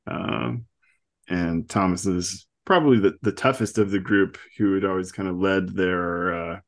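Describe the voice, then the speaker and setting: A man's voice: sits low, fairly even intonation, unhurried. A man hosting a podcast, casually recapping a comic book with lots of laughs and fillers. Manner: chatty, laughs often, acts out quotes. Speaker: podcast host.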